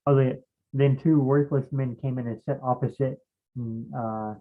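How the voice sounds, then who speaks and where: A man's voice: medium pitch, steady tone, normal speed. A man leading a casual Bible study who thinks aloud, rambles and stops to search for names as he goes. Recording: muffled phone-like audio.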